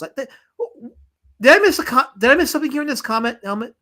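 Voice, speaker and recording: Hosting a casual comics live stream, a man with a Southern US accent talks fast in a high-pitched voice. He's animated and jokey, repeating himself as he reads the chat aloud.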